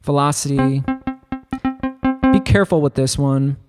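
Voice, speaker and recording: A man giving a casual, rambling tutorial on a software synth, talking loosely with lots of filler words. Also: mid-range voice, unhurried, over loud music. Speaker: music production tutor. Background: faint synth keyboard notes.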